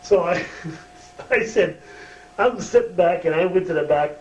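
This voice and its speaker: A man's voice: high voice, measured pace. A man, a former wrestler, telling a backstage story in a shoot interview, profane and chuckling. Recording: roomy distant mic, faint hum.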